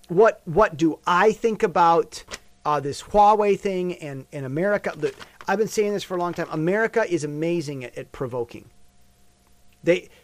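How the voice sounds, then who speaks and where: A man's voice: on the high side, dry recording. A man giving a rambling casual commentary monologue, full of restarts and rhetorical questions.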